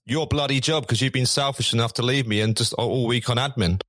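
A man's voice: mid-range voice, a little fast, fairly bright tone, no echo, clean studio sound. An English man co-hosting a podcast, teasing his co-host in casual banter. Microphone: podcast studio mic.

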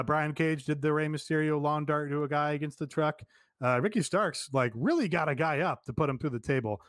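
A man's voice: a little high, dry recording, studio quality. A man co-hosting a podcast in casual chat, rambling with lots of fillers and casual swearing. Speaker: podcast co-host.

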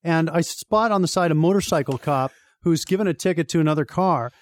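A young man hosting a radio show, telling a funny story in an animated way and laughing as he goes. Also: a little high, brisk, slight background noise. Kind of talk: casual storytelling chat.

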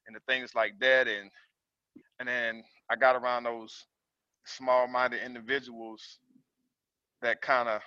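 A man calling into a group coaching session, telling his story in an earnest, halting way with frequent pauses and restarts. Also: medium pitch, flat delivery, sharp tone, clean tone, no echo. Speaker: caller on the call. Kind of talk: casual share on a call. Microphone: video call. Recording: dull lo-fi call audio.

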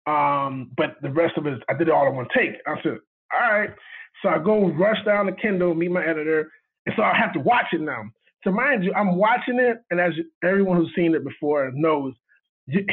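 An animated man tells a story, slipping into the voices of the people he quotes and laughing as he goes. His voice sits high and husky. It comes through a tinny, phone-like line. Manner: animated, acts out quoted dialogue, laughs often. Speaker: guest cinematographer. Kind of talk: storytelling in casual chat.

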